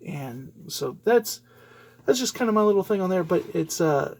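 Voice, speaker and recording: A man's voice: high voice, expressive, moderate pace, a little mellow. A man hosting a solo podcast, giving rambling, opinionated commentary full of fillers and restarts. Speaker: podcast host.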